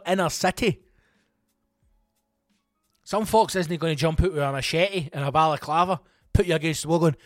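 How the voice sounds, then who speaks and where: This middle-aged Scotsman's voice sits fairly high, moving at a normal speed with frequent pauses. He hosts a comedy podcast, delivering an animated, swear-filled monologue that pokes fun at himself. The sound is clean studio audio without echo, with soft music underneath.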